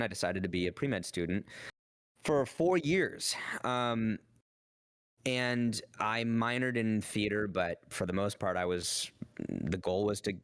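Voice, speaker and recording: A man in his thirties, a voice actor guest, chatting casually and acting out quoted lines in lively voices. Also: lowish voice, clear, resonant tone, no echo, clean studio sound. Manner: animated storyteller, acts out quotes in voices. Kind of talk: casual chat on a stream.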